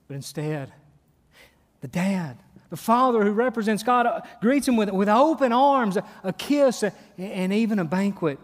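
A middle-aged man preaching a sermon, his voice sitting high for a man. He is emphatic and animated, repeating words as he drives points home with questions. His voice rings out with long reverb through a big church hall. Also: a little fast. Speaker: pastor.

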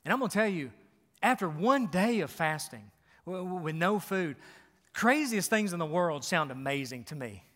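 High-voiced man preaching in a hall. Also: animated, normal speed, a bit bright. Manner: emphatic, repetitive, rhetorical questions. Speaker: pastor. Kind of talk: sermon. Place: church sanctuary. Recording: long hall reverb.

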